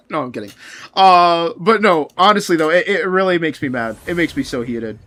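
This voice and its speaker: A man's voice: on the high side, expressive, moderate pace, bright, forceful tone. A young man streaming, chatting casually with his viewers, answering chat and ranting with frequent laughter and swearing.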